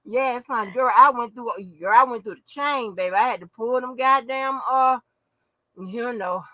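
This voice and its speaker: Brash, bright-voiced woman vlogger. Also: a little high, normal speed, no room sound, highs cut off. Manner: brash, profane and laughing, calls listeners baby and honey. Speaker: channel host. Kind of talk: casual chat to viewers.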